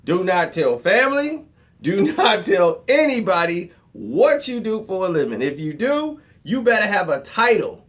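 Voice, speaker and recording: A man spins a street story in loose, casual talk. His voice sits a little high and swings widely in pitch, and he laughs often as he goes. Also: a little slow. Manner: animated, laughs often, acts out others' lines.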